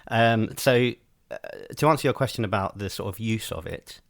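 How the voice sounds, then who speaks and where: A man's voice: on the low side, animated, moderate pace, creaky, no room sound, clean studio sound. A man co-hosting a podcast, chatting casually and hesitantly with many ums. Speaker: podcast co-host. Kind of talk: casual chat.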